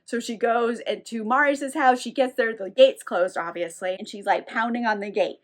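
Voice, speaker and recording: A woman's voice: on the high side, moderate pace. Laughing, irreverent woman recapping a book. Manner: irreverent, laughs often, lots of "like". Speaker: book reviewer.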